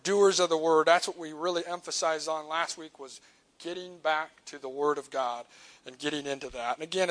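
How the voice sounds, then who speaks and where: A man preaching a sermon to his church, earnest, rising on key points and sinking quiet at the ends of lines. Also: a little high, low-quality recording. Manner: earnest, builds up then drops to a quiet close on key lines.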